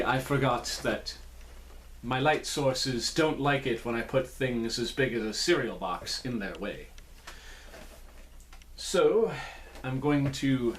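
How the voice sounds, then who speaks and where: A man's voice: mid-range voice, slight background noise. A man reviewing cereal in a casual vlog from a small indoor room, with playful, jokey asides.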